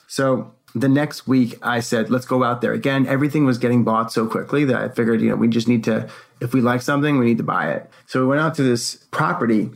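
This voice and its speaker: A young man with a gravelly, fry-tinged voice tells a personal story in easy, casual chat. He is animated and slips into the voices of the people he quotes. His pitch sits in an ordinary middle range. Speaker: co-host.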